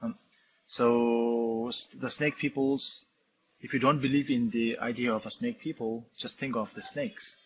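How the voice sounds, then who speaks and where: Tibetan-accented man giving a halting Dharma talk. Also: mid-range voice, steady tone. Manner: halting, many fillers and restarts, explains terms. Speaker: Buddhist teacher. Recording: dull lo-fi recording, faint noise.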